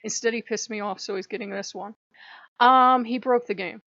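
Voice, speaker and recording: A woman's voice: on the high side, steady tone, normal speed, pushed and bright, no room sound. A woman hosting her own spiritual vlog, talking in a rambling, profane way and laughing often. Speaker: spiritual channel host. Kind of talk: casual vlog monologue. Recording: dull lo-fi, dry.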